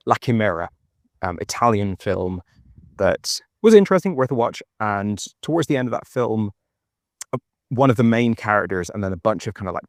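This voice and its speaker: A man's voice: fairly low pitch, creaky, no echo, clean studio sound. An Irish man chatting and rambling in a phone voice note while walking outdoors. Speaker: podcast co-host. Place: park outdoors at dusk.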